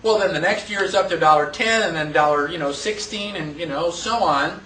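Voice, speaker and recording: A man teaching a class in a lively lecture, quizzing the students and acting out quotes. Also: a little high, brisk, slight background noise. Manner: animated, asks the class questions, acts out quotes. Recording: echoey room, voice from far off.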